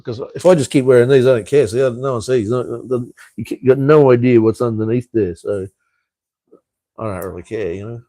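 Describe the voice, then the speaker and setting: A man's voice: on the low side, darkish tone, no echo. A middle-aged man, chatting casually on his live stream, rambling, swearing freely and full of ums and restarts. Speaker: livestream host.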